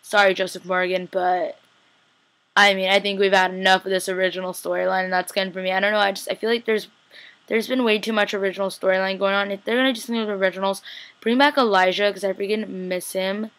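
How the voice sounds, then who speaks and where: A woman's voice: mid-range voice, steady tone, quick pace, fairly bright tone. A young woman casually recapping a TV episode, chatty and slangy, acting out the characters' lines. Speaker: TV recap vlogger.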